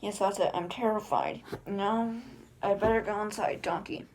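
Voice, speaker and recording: A woman reading as a secretive young princess in a flat, read-aloud manner with small slips. Her pitch is middling and a faint hiss sits under the voice. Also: moderate pace, lightly acted, rough recording. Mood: plain reading. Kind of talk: reading a film script aloud.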